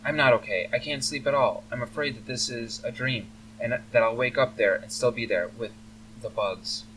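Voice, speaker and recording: A man voicing a frightened, haunted young female elf who speaks in a high, urgent, pleading voice. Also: normal speed, a bit bright, slight background noise, natural voice. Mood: frantic. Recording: faint humming, slightly distant mic.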